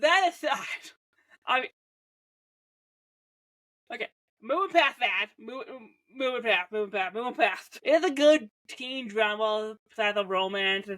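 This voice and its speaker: Her voice sits on the high side, expressive and fairly bright, moving a little slowly with long pauses. This young Canadian woman chats her way through a review of an old teen show, breaking off mid-sentence, saying "like" constantly, and slipping in jokey asides.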